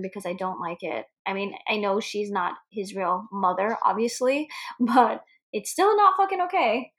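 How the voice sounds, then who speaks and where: Woman co-host chatting about a movie, laughs a lot, curses, high-ish voice. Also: moderate pace. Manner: laughs often, blunt and swears. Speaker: podcast co-host. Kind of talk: casual chat about a movie.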